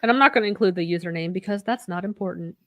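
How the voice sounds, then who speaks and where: A woman's voice: fairly low pitch, rapid-fire, no room sound. A woman co-hosting a podcast, reading reviews aloud with wry, dry amusement in a casual chat. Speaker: podcast co-host.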